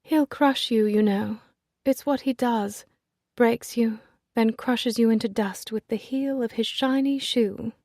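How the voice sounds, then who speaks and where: A woman's voice: a little high, unhurried, a little mellow, no echo, studio quality, pitched above the performer's own voice. A woman voicing a cold, catty young noblewoman with a light, delicate voice, sweetly spiteful. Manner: sweetly spiteful, smiling while cutting.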